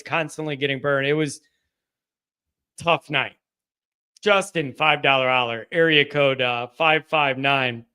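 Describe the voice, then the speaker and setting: Subdued, halting male call-in host. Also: a little high, fairly bright tone, smooth. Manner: subdued, halting, with frequent restarts. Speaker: host of a live call-in fan show. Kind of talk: casual live-stream chat, reading donations.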